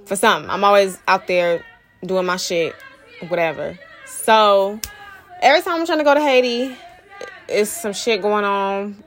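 A young woman talking loosely and casually to her followers, using lots of slang and fillers, slightly out of breath. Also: medium pitch. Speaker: Vodou practitioner and spiritual mentor. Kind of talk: casual vlog talk to viewers.

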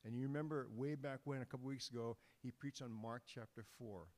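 A man delivers a sermon in an easygoing, joking way, often breaking off and restarting his phrases. His voice sits at an ordinary middle pitch. The sound rings out with the long reverb of a large church sanctuary. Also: fairly even intonation, brisk, darkish tone. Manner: informal, joking, conversational with restarts. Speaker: guest preacher.

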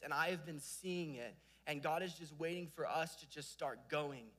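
A young man preaching a sermon with passion, swinging between loud exhortation and hushed storytelling. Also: fairly high pitch, moderate pace.

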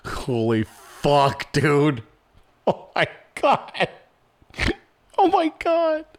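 A man giving profane, mocking reaction commentary on a political debate, swinging between low mutters and loud outbursts. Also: huge pitch swings, extremely slow.

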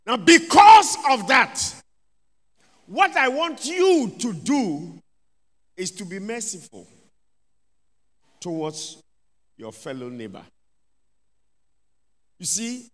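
A man's voice: high voice, sing-song, slow pace, long pauses. A man, a bishop preaching a sermon with emphatic call-outs of hallelujah and amen. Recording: long reverb of a large hall.

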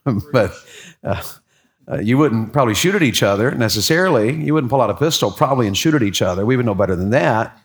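A man's voice: mid-range voice, expressive, quick pace. A man leading a church class, folksy and encouraging, asking the room for verses. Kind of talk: interactive sermon.

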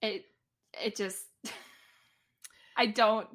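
A woman co-hosting a casual podcast, retelling a TV episode with exasperated, animated commentary and quoted lines. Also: medium pitch, very slow. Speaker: podcast co-host recapping a TV episode. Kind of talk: casual chat.

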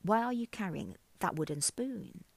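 A woman's voice: mid-range voice, lively intonation, normal speed, vocal fry, dry recording. A woman storyteller voicing a grumpy, reluctant young prince who mumbles his answers. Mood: sulky.

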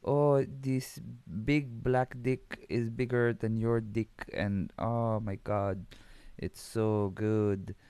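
Guy doing a gushing woman w/ a fake russian accent, slow n breathy, a bit far from the mic. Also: medium pitch, little pitch movement, dark tone, dry recording, lightly acted. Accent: Russian, put on. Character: swooning young woman with a put-on Russian accent.

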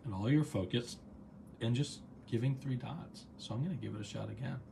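This host and coach runs a relaxed live gratitude session online, encouraging people, sharing viewers' comments and slipping into side stories. He speaks briskly at medium pitch with a creaky voice, over a noisy background.

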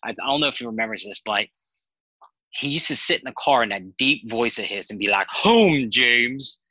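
A man with a very bright, forceful voice tells loose, rambling stories as a podcast guest. He talks casually, swears freely and jumps between thoughts. The sound is dry and close, with no room around it. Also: lowish voice, fast talker, dry recording, poor audio. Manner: animated, rambling anecdotes with profanity. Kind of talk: casual storytelling chat.

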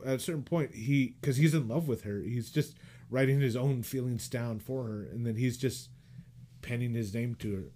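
A man casually chatting as a podcast co-host, retelling movie scenes in a loose, animated way, with lots of "like" fillers. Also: mid-range voice, normal speed. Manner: animated retelling, acts out quoted lines. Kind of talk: casual chat.

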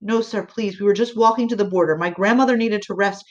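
A woman voicing a frightened boy who begs loudly for his family's safety. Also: mid-range voice, muffled recording, natural voice. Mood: pleading. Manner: pleading loudly and fast.

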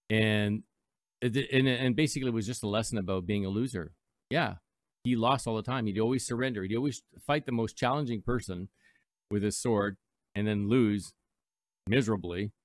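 A man's voice: lowish voice, no room sound. A man hosting a live radio show from a studio, talking casually and rambling through reflective stories with playful mock voices. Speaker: radio host.

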